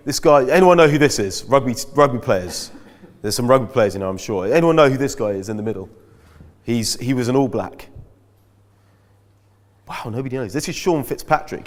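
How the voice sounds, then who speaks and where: A man, giving a chatty, self-mocking talk as a guest speaker at a school. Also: medium pitch. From Britain. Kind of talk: anecdotal talk to an audience. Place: school hall. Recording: echoey hall.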